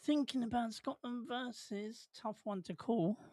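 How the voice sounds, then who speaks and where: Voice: medium pitch, unhurried, a little mellow, no room sound, studio quality. A host, chatting casually on a live watch-along stream, rambling and jokey, laughing often and putting questions to the chat.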